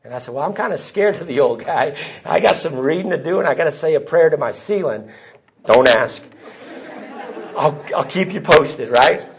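Man, husky and fairly high voice, storytelling testimony on a dull lo-fi recording. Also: animated, moderate pace. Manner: storytelling, voices the people he quotes. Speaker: recovery meeting speaker. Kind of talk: personal testimony talk.

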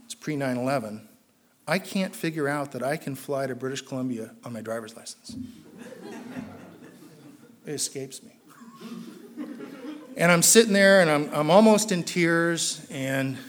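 A man, a trial lawyer, telling his recovery story to a live audience in an animated, self-mocking way. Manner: animated, self-mocking storytelling that climbs loud and high when excited. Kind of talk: personal story told to an audience. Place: talk before a live audience.

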